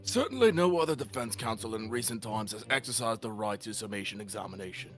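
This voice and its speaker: A man voicing a haughty, cold British prosecutor in a video game, speaking slowly and with contempt. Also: on the low side, animated, faint music behind, natural voice. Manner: slow, contemptuous, drawn-out delivery. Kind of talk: video game voice dub on stream.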